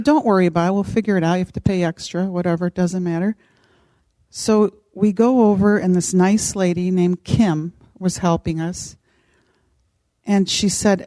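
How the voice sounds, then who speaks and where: A middle-aged woman casually telling a personal story, animated and acting out what others said. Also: mid-range voice, dry recording. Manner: animated, acts out quoted voices. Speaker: podcast co-host.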